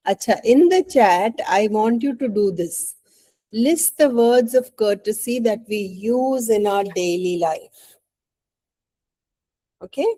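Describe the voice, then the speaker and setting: Over a poor-quality recording, a female teacher with a mellow, somewhat high voice and an Indian English accent gives an online English lesson. She coaxes her students patiently, frequently checking in with "right?".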